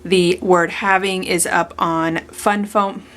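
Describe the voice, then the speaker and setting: A woman's voice: on the low side, steady tone, slow, fairly bright tone, a little hiss or hum. A woman hosting a scrapbooking channel, recording a casual voice-over full of bloopers, stumbling over her words and correcting herself aloud.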